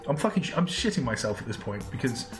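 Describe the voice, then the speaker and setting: A man from England with a British accent tells a long, rambling story, tripping over his words and laughing as he goes. The recording sounds roomy, and music plays clearly in the background. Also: mid-range voice, big pitch swings, quick pace. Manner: rambling storyteller, laughs often, many restarts. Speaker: podcast co-host. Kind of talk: casual podcast chat.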